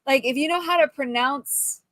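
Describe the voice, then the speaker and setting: A woman co-host with a somewhat high voice in a relaxed podcast conversation. She works through her ideas aloud, explaining at length and laughing easily. The recording is dry and close. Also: moderate pace, no echo. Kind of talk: casual podcast chat.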